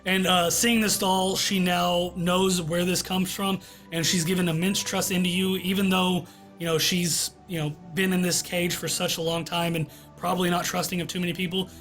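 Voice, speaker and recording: A man acting as game master, narrating a tabletop game in a relaxed, descriptive way over a voice call. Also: high voice, normal speed, faint music behind. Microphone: online voice call.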